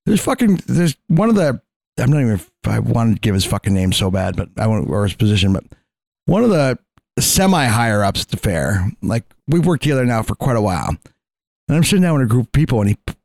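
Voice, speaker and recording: A man in casual podcast chat, telling animated stories full of swearing and quoted dialogue. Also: mid-range voice, fast, creaky, no echo. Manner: profane, animated, quotes others in his stories.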